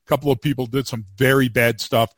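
A man's voice: mid-range voice, fast talker, no room sound. Man telling a wry cop story. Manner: animated storyteller, wry humor, repeats words when starting. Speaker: podcast co-host, former police field training officer. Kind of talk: casual storytelling chat.

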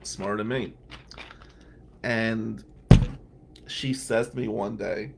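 A man's voice: lowish voice, fairly even intonation, slow, creaky, pauses often, noisy background. Rambling, chuckling male podcast host. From Atlantic City, New Jersey. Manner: rambling, conversational, chuckles between remarks. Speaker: podcast host and criminal defense lawyer. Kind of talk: casual anecdotal storytelling.

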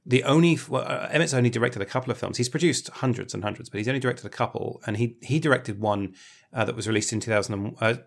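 A man's voice: mid-range voice, fast talker, creaky. A man co-hosting a podcast in casual chat, talking with many ums and restarts. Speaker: podcast co-host.

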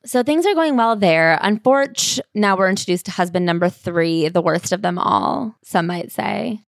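A woman's voice: medium pitch, expressive, moderate pace, gravelly, dry recording, studio quality. Wry woman podcast co-host. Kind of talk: casual chat retelling a memoir.

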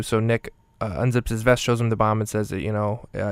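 Fast-talking gravelly man recapping a film. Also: on the low side, fairly bright tone, dry recording, clean studio sound. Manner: casual, rambling, many "uh" fillers. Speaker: movie reviewer. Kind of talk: minute-by-minute film recap and rating.

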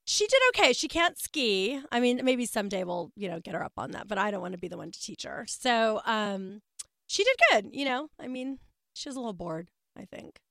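A woman's voice: fairly quick, gravelly, dry recording, clean studio sound. A woman chatting casually as a talk show guest, telling stories and acting out quoted lines with big jumps in her voice. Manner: animated storyteller, acts out quotes with big pitch jumps. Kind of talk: casual chat.

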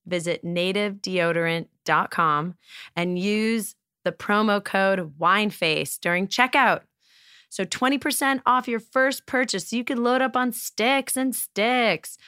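A woman's voice: mid-range voice, a little slow, fairly bright tone, smooth, no room sound, clean studio sound. A woman hosting a podcast, joking and laughing through casual chat and reading ads in her own voice. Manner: playful, jokey, laughs often. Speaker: podcast host. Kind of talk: casual chat and host-read ad.

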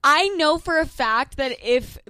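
Young female co-host, brash and quick-witted, higher pitched, dry sound. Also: expressive, bright, forceful tone, no room sound. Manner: sassy, brash, quick comebacks. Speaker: podcast co-host. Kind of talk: casual chat.

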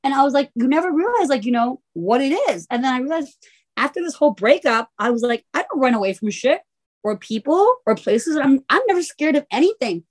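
A woman's voice: sits high, expressive, brisk. A woman co-hosting a podcast, telling a rambling, comic story in casual chat, full of "like" and swearing. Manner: profane, filler-heavy valley-girl talk. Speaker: podcast co-host.

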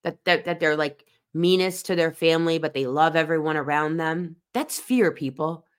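Low-voiced earnest woman host. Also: little pitch movement, normal speed, smooth. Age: 40s. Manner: earnest, emphatic repetition. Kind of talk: personal reflective monologue.

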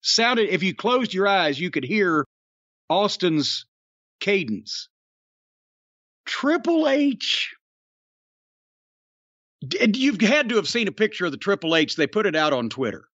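A man's voice: high-pitched, big pitch swings, brisk, few pauses, sharp tone, dry recording, highs cut off. Older male podcast host; raised voice, profane storyteller, opinionated, dry close sound. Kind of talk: casual chat.

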